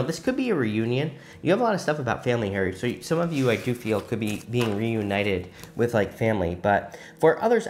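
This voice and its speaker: A man with a somewhat low voice walks his audience through a weekly tarot reading. He talks in a relaxed, musing way, often stopping to share what he feels. A faint hiss sits under the recording. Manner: conversational, musing, many "I feel" asides. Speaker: tarot reader.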